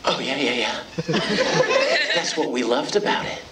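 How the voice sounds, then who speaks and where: Slightly high-voiced and slow, a middle-aged man who does voice acting entertains fans at a convention panel with jokes and lively stories on a handheld mic. The recording comes from the audience, distant and full of hall noise.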